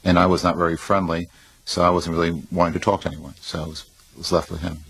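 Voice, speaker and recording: A band member speaking in a matter-of-fact, firm way in a documentary interview. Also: male voice, low voice, little pitch movement, quick pace, fairly bright tone, breathy edge, low-quality recording.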